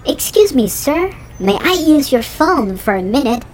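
A woman's voice: high voice, sing-song, a little slow, a little mellow, slight background noise. A woman playing a chatty young traveler who borrows a stranger's phone, talking eagerly.

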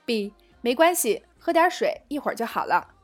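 A woman with a high voice teaches phrases in a scripted lesson. She reads short dialogue lines clearly and carefully, then explains them in Mandarin. Faint music plays under her voice. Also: big pitch swings, normal speed. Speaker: English teacher.

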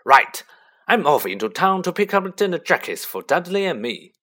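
Storybook bully: a blustering, snarling middle-aged man, loud and forceful, read by a male narrator. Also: mid-range voice, sing-song, a little slow.

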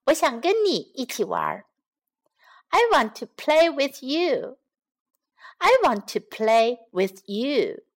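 A woman tells a children's story and then teaches it phrase by phrase, repeating each line slowly and gently for young learners. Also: high-pitched, wildly swooping pitch. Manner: slow, careful repetition of each phrase. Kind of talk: bilingual storytelling lesson for children.

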